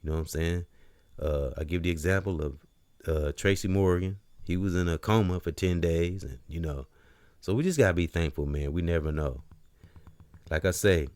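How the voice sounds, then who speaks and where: Very deep-voiced man giving a spiritual pep talk. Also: moderate pace, smooth, no echo. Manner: rambling, preacherly, repeats phrases, swings between quiet and loud emphasis; casual slang like "real talk". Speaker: podcast host.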